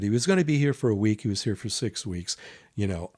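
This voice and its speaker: A man with a lowish voice tells stories in a relaxed, conversational way. He gets animated, jumping up in pitch when he acts out other people's lines. Sometimes he drops his voice to a near whisper for an aside. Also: fast. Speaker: guest. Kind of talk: casual storytelling conversation.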